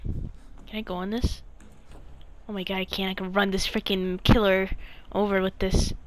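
A young woman giving casual gameplay commentary to her viewers, excitable and easily frustrated. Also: mid-range voice, normal speed, low-quality recording. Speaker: gaming channel creator.

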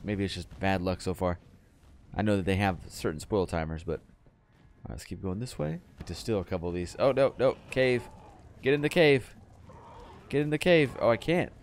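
A young adult man casually commenting on his video game as he plays, chatty and breaking into excited yells when things go wrong. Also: sits low, a little hiss or hum. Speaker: gaming channel host.

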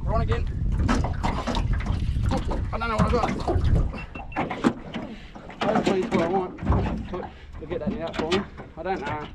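A man talks casually to camera while fishing from a boat on a river, chatty and earnest, sometimes cheering loudly. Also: sits high, moderate pace, long pauses. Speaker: fishing vlogger. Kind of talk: casual outdoor vlog narration. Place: on a small boat on a tidal river outdoors. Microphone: head-mounted camera. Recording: noisy outdoor boat recording.

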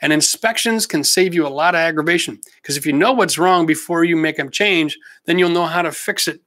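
Brief: middle-aged Canadian male host, talks through viewer questions in a bright, slightly high voice, easygoing and jokey. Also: a little fast, no echo, clean studio sound. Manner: chatty, practical, jokey asides. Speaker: host answering live chat questions. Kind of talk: casual livestream chat.

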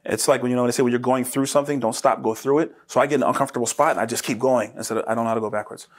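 A man from New Jersey, USA, who owns a roofing business, tells stories in an animated interview, his medium-pitched voice racing along. He laughs often and acts out dialogue in lively voices.

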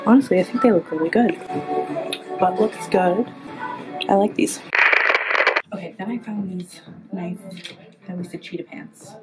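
Speaking a little slowly with long pauses in a fairly low voice, this young fashion vlogger tries on clothes in a store fitting room, then talks from inside a car, frankly judging how everything fits. The low-quality recording has background music.

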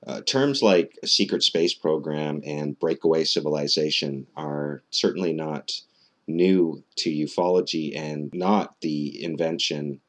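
A man giving a skeptical, sardonic commentary, with frequent "uh" fillers and restarts. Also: rumbling low. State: out of breath.

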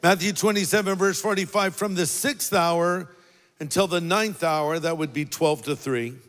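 A man preaching a sermon as pastor, talking conversationally, dropping low for quoted words and rising for emphasis. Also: moderate pace, fairly bright tone. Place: large church auditorium. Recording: long reverb of a large hall.

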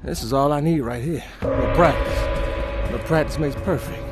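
A man giving live commentary while playing a VR fighting game. He trash-talks his opponent, lets out loud whoops and makes chatty asides to viewers. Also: on the high side, fairly quick, loud music behind the voice.

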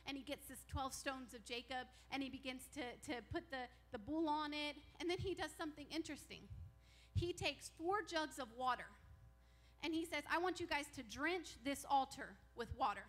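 A woman pastor preaching a sermon, retelling a Bible story in an animated way and acting out the characters' lines. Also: high voice, normal speed. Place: church sanctuary.

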